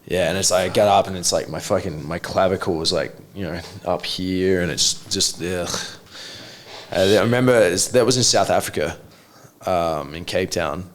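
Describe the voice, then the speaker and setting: A man's voice: deep voice, moderate pace, slight background noise. A man, a martial arts coach, telling stories as a podcast guest. He rambles with many restarts and swears freely. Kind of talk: casual podcast storytelling.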